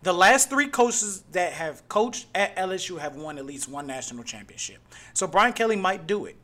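Animated bright-voiced male podcast host. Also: high-pitched, normal speed. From Cleveland, Ohio. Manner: animated, mocking rants with loud outbursts. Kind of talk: casual solo podcast talk.

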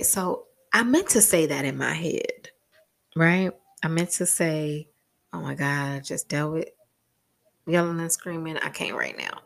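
A woman's voice: medium pitch, fairly bright tone. A woman talking frankly in a rambling personal vlog about parenting and communication, swearing casually. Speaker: parent vlogger.

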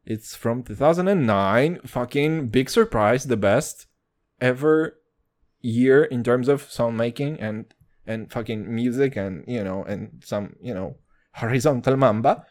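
A young man hosting a podcast in a casual, excitable chat, swearing freely and calling everyone "dude". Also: mid-range voice, unhurried. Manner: excitable, profane, says "dude" constantly. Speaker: podcast host.

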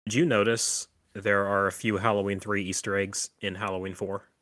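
Low-voiced man rambling through a recap. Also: flat delivery, normal speed, a bit bright, dry recording. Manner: rambling, filler-heavy with frequent "like" and "um". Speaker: podcast host. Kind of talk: casual chat recapping a horror film.

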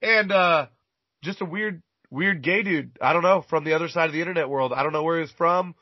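A man's voice: fairly high pitch, fairly quick, no echo. A man chatting casually, telling a rambling, profanity-laden story and stumbling over repeated words. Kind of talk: casual chat, crude storytelling. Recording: dull lo-fi recording.

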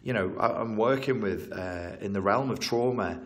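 A man, a therapist who works with trauma, explaining ideas in an interview in an animated, emphatic way, often repeating and correcting himself. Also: lowish voice, normal speed.

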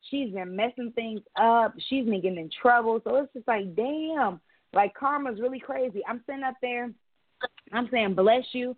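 A woman tells her story in easy casual chat and swears without holding back. Her voice sits a little high. The sound is dry and thin, like a phone line. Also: no room sound. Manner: candid storytelling, swears freely. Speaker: podcast co-host. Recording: dry tinny phone-like audio.

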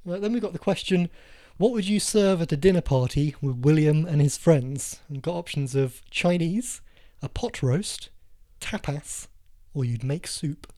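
A man's voice: a little high, animated, warm tone. A man co-hosting a casual film podcast, teasing his co-host as he reads out quiz questions. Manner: teasing, quizzes his co-host with quick asides.

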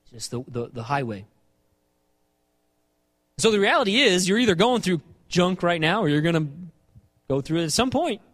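A man preaching a sermon, animated, repeating phrases and acting out the lines of scripture he quotes. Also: high voice, moderate pace, pauses often. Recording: long hall reverb.

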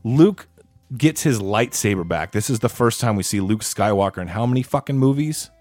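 A man's voice: lowish voice, lively intonation, normal speed, a little mellow, no echo, soft background music. A man co-hosting a podcast, arguing hard about a movie in casual, profane rants. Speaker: podcast co-host. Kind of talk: casual heated movie debate.

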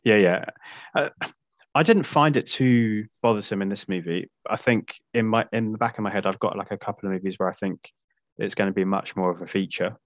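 A man appearing as a guest on a film podcast, talking in a measured, conversational way. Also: lowish voice, no echo, highs cut off. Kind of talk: casual film discussion.

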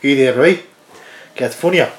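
An Irishman with a medium-pitched, unhurried voice, appearing as a podcast guest, casually tells an anecdote and chuckles along the way. The podcast audio sounds roomy and echoey.

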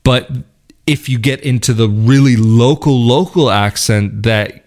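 A man talks straight to camera in a relaxed, meandering vlog. His voice sits in a middle register, and he circles his points with small restarts and easy laughs. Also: medium pitch, measured pace. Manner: thoughtful, rambling, with frequent laughs and restarts. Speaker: vlogger. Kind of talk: casual talk to camera. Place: lives in northern Italy near Venice.

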